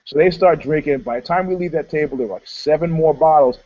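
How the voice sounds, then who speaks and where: Animated man telling stories, lo-fi sound. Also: fairly high pitch, quick pace. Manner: animated, laughing storyteller. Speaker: podcast co-host. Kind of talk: casual chat.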